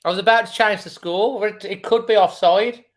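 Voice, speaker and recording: A man's voice: high voice, steady tone, normal speed. Male fan host, live match reaction, exasperated running commentary. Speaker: football fan channel host.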